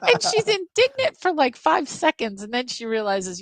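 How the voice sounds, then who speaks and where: A woman co-hosting a casual film podcast, retelling book scenes with lively storytelling. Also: high voice, unhurried, long pauses, dry recording. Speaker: film club podcast co-host.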